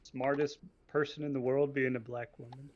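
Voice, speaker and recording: A man co-hosting a podcast in casual chat, chiming in with short, relaxed remarks. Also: medium pitch, moderate pace, lo-fi sound, a little hiss or hum. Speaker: podcast co-host.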